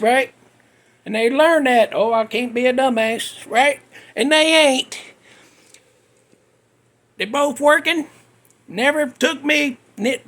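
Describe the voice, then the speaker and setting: A middle-aged man hosting a podcast, telling a rambling, self-mocking story in a folksy way with loose grammar. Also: extremely high pitch. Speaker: podcast host. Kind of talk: casual storytelling monologue.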